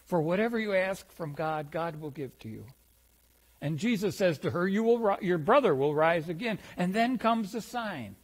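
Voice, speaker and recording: A pastor giving a reflective sermon, slowing down on key phrases and retelling a story. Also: male voice, high voice, lively intonation. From Wisconsin.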